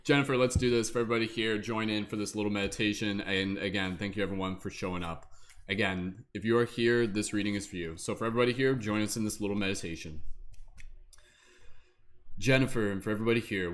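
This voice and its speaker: A man hosting a tarot livestream in a casual chat, upbeat and quick, often dropping "like" into his speech. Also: on the low side, fairly even intonation, fairly bright tone, a little hiss or hum. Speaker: tarot reader and livestream host.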